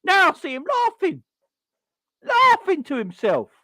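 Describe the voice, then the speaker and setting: A man's voice: very high voice, wildly swooping pitch, a little slow, bright, forceful tone, no room sound. Exasperated man ranting about football. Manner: exasperated, repeats rhetorical questions. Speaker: football fan channel host. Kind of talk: fan reaction rant.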